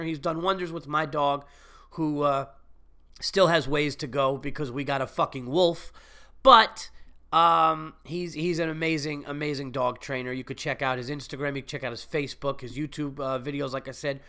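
A man's voice: on the high side, bright, forceful tone. A man with a cold hosting his own podcast, talking in a rambling, profane, chatty way. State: sick with a cold. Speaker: podcast host and comedian. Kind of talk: casual solo podcast monologue.

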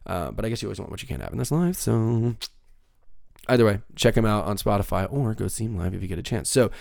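Gravelly, upbeat podcasting man. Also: lowish voice, lively intonation, fast talker, darkish tone, no echo, clean studio sound. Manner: rambling, profane, upbeat. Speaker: podcast host. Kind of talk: casual solo podcast monologue.

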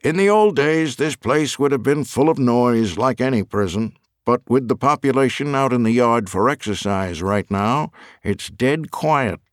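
A man voicing a matter-of-fact male assistant warden in an audiobook, flat and unimpressed. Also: medium pitch, a little slow, no echo, clean studio sound, voice pushed up, lightly acted. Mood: calm.

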